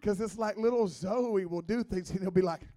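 A man's voice: high-pitched, normal speed. A man in his thirties preaching as a guest, a joking, conversational sermon full of teasing asides. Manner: playful, teasing, lively asides.

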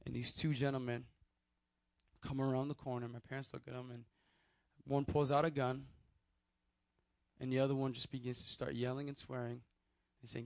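A man's voice: mid-range voice, flat delivery, moderate pace, creaky, pauses often, no room sound. A young man, preaching a sermon and telling a personal testimony in a loose, conversational way. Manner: conversational storytelling with restarts and acted quotes.

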